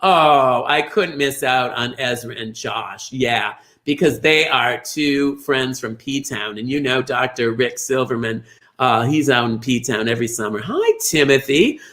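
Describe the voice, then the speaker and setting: A middle-aged man hosting a live online bingo show, gushing over viewers' names with sudden high squeals. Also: expressive, measured pace, a bit bright. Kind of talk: live-streamed chatty greetings to viewers.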